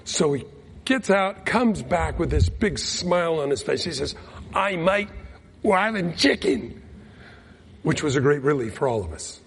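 A pastor tells a mission story from the pulpit in an animated, folksy way. His voice is high and swings widely in pitch, with a husky edge. It carries the long reverb of a large hall. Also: normal speed, slight background noise. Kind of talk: storytelling sermon.

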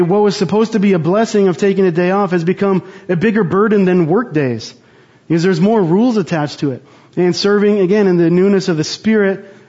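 A man's voice: high-pitched, a little mellow, dull audio. A man co-hosting a Bible study, teaching in an earnest, rambling way with frequent restarts.

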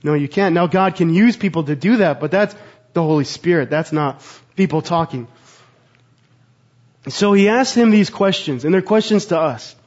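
A man's voice: fairly high pitch, moderate pace, a little mellow. A man in his thirties, a pastor preaching a sermon with earnest, rhetorical questions. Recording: slightly dull, muffled sound.

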